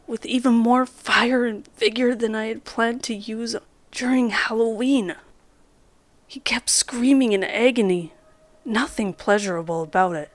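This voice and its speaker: Slow, measured woman narrating horror. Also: a little high, no room sound. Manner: measured, dramatic, dips into whispers. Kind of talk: scripted first-person horror narration. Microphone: studio condenser mic.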